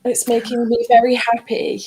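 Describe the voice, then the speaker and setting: Cheerful young woman, slightly husky. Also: fairly high pitch, level tone, moderate pace, a little mellow. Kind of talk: casual chat.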